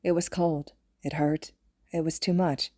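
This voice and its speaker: A woman reads fan fiction aloud in a gentle, even storytelling voice. Her voice is low and mellow. The recording is close and dry. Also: measured pace, no echo. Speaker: podfic reader.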